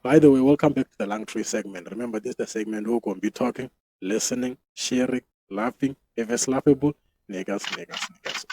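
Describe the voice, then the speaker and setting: A man's voice: medium pitch, darkish tone, husky, poor audio. A South African man hosting his own show, talking loosely and profanely and laughing at himself. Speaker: podcast host. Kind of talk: casual solo commentary.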